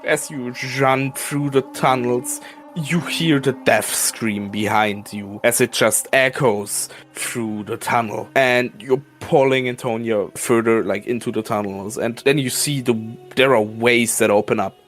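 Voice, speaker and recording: A man's voice: medium pitch, fairly even intonation, a little slow, a bit bright, soft background music. A man narrating a horror tabletop game as game master, casual and full of fillers, relishing gory detail. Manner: casual, filler-heavy, gleeful gore description.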